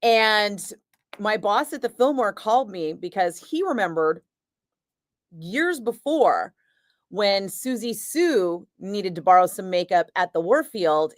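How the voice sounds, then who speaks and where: A middle-aged woman, a radio host, telling a story in a chatty, animated way and laughing often. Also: lowish voice, dry recording, studio quality. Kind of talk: casual storytelling chat.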